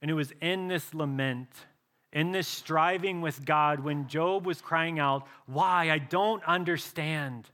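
Bright-voiced earnest male preacher. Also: a little high, fairly even intonation. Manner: earnest preaching, dropping soft and slow for emphasis. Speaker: pastor. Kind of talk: sermon.

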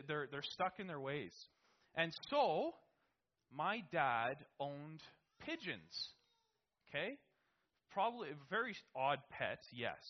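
Guy telling a rambly story, kinda high voice, lots of "right?", muffled lo-fi. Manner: rambling with many restarts and "right?". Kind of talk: casual spoken anecdote.

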